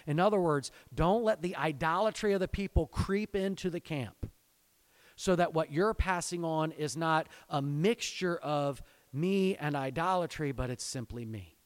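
A pastor preaches a sermon at an unhurried pace, reading scripture aloud and explaining it in earnest, exhorting tones. He addresses parents directly, swelling into fervent pleading before dropping low.

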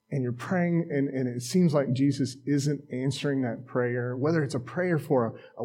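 A man's voice: mid-range voice, warm tone. A man preaching a casual, conversational sermon in a church, with self-deprecating asides and acted-out quotes. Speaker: pastor.

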